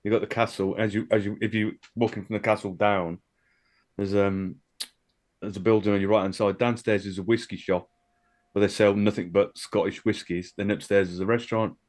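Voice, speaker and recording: A man's voice: lowish voice, level tone, fairly quick, darkish tone. A man co-hosting a casual chat show, telling stories in a rambling, hesitant way with casual swearing. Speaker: co-host.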